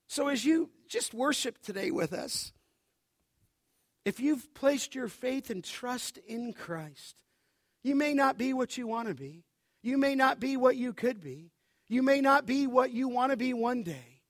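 A man's voice: very high-pitched, lively intonation, a little slow, dry recording, clean studio sound. A man, a pastor, preaching a sermon with emphasis, quoting scripture and speaking to his listeners directly.

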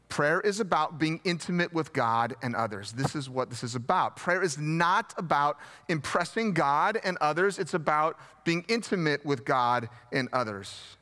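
Male pastor, sermon delivery: slightly high and bright, easygoing, gently pokes fun at himself. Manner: conversational, repeats key phrases for emphasis; self-deprecating, gently humorous.

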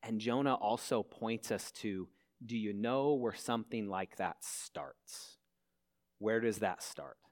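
A man pastor preaching a sermon in a church, earnestly asking his listeners questions. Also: on the low side. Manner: earnest, asks the congregation many questions. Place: church hall.

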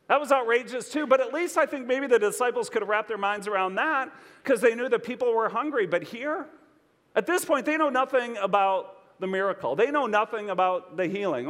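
A man preaching a sermon as pastor, expressive and conversational, asking his listeners questions. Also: high voice, brisk, long reverb tail.

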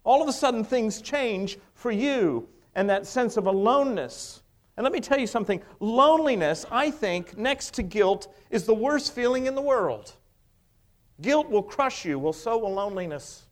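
High-voiced middle-aged male preacher. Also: expressive, moderate pace. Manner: emphatic, rhetorical questions, sweeping pitch. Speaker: pastor. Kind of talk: sermon.

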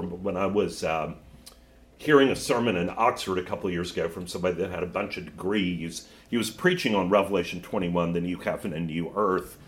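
Expressive low-voiced male teacher. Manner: expressive, with thoughtful asides. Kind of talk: reading aloud and teaching a class.

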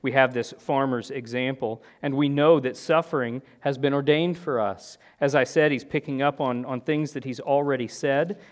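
A man's voice: mid-range voice, moderate pace, hardly any pauses. Earnest man preaching a sermon. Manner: earnest, with rhetorical "right?" and frequent restarts. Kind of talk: expository sermon.

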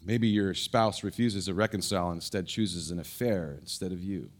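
A middle-aged man pastor giving a sermon, telling a personal story in an animated way with many restarts and fillers. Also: low voice, moderate pace.

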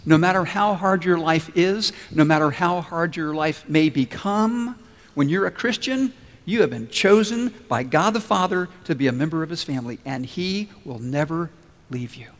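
A man's voice: on the high side, expressive, moderate pace, in a large hall. A man preaching a sermon as pastor, earnestly telling stories and acting out the people he quotes.

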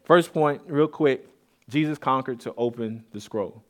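A man's voice: mid-range voice, a little slow. A man preaching a casual, conversational sermon in a church. He repeats and restarts words and builds to emphatic peaks. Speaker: pastor.

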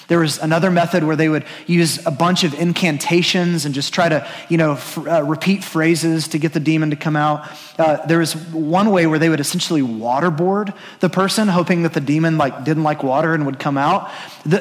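A pastor preaching a sermon in an earnest, urging, conversational way. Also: male voice, a little high, in a large hall.

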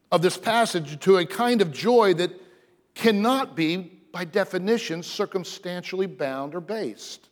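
A man preaching with a slightly high voice, earnest and emphatic, swinging between firm stress and hushed asides. His words ring out with a long reverb, as if in a big church sanctuary. He delivers it as a pastor giving a sermon. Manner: earnest, emphatic preaching with soft dropped passages. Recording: long reverb of a large hall.

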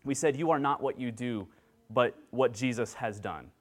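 Man, pastor, sermon, handheld mic, earnest, bursts of excitement. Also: medium pitch, moderate pace. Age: adult with children. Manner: earnest, excitable, acts out joyful quotes. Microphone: handheld microphone.

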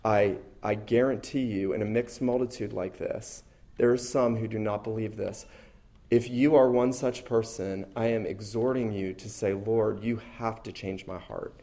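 A man's voice: lowish voice, steady tone, moderate pace, mellow. A man preaching a sermon to a congregation, earnest and emphatic, often repeating his key phrases. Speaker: pastor.

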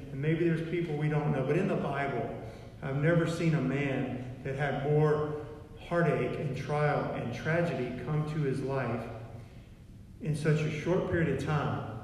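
A man's voice: a little high, a little mellow, a little hiss or hum. A man preaching a sermon in a repetitive, emphatic way, recorded in a church. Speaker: pastor. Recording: echoey hall from far off.

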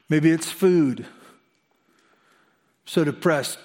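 Animated pastor preaching with asides. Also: male voice, fairly high pitch, measured pace. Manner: animated, conversational, with asides and humor. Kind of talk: sermon.

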